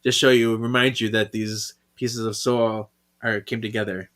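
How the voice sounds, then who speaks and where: A man's voice: fairly low pitch, level tone, moderate pace, a bit bright. A man co-hosting a podcast, casually talking through a comic and laughing often. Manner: laughs often, reads dialogue with playful voices. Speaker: podcast co-host.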